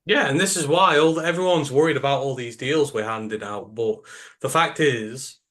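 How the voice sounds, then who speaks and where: A man's voice: medium pitch, normal speed, a bit bright. British man, podcast co-host, emphatic, opinionated, casual chat. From United Kingdom. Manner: emphatic, opinionated, rambling with fillers.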